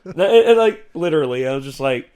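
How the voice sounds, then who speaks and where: A man's voice: mid-range voice, lively intonation, quick pace, darkish tone. A man co-hosting a reaction show, telling a story in casual chat with rambling restarts and fillers.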